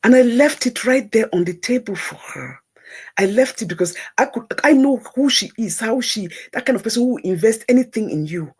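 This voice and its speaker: A woman's voice: on the high side, animated, brisk, a little mellow, husky. A woman telling a personal story on a talk show, emphatic and repeating words for effect.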